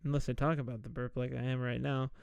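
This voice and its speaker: A man hosting a podcast, slowly and casually retelling a movie's plot with jokey asides. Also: medium pitch, level tone, creaky, darkish tone, clean tone, no echo, lo-fi sound. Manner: slow, laid-back retelling with jokey asides and mock quoted voices. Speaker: podcast host. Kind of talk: casual solo movie recap.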